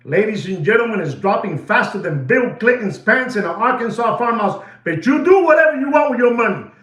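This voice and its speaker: A man's voice: sits high, very animated, brisk, a bit bright, echoey room. A man hosting a casual watch market update, emphatic and repetitive, swinging his voice up and down for drama.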